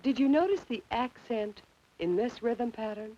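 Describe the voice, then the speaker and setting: A woman in scripted narration for children, gentle and coaxing, asking the listener questions over a 1950s film soundtrack. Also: fairly high pitch, expressive, moderate pace, highs cut off, slight background noise.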